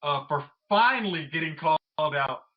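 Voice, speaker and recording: A man's voice: a little high, lively intonation, moderate pace. A man co-hosting a movie podcast, chatting casually and mimicking people mid-rant. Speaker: podcast co-host. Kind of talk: casual chat. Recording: slightly muffled audio.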